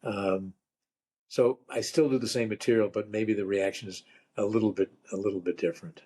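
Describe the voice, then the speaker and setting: An older man, a rabbi turned comedian, telling stories and jokes in a relaxed, wry conversational way. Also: fairly low pitch, fairly quick, slightly rough. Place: lives in Vermont.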